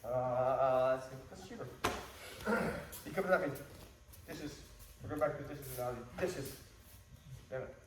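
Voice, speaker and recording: A man's voice: mid-range voice, normal speed, pauses often. A man coaching a martial arts class, jokey, acting out little scenes as he explains. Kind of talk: teaching a class. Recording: echoey hall, distant mic, faint noise.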